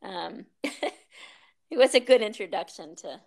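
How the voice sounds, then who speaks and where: A woman's voice: medium pitch, animated, slow, vocal fry. A woman yoga teacher telling stories in a casual interview, chatty, laughing often, with many ums and restarts.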